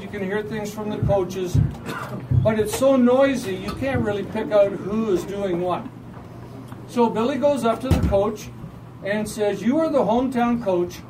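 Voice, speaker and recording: A man with a Canadian accent telling lively, laughing anecdotes at a memorial gathering about a fellow referee. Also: sits high. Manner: animated storytelling, acts out quoted voices with laughter. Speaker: referee assigner giving a memorial tribute. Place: gathering hall with audience. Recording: distant mic, noisy crowd.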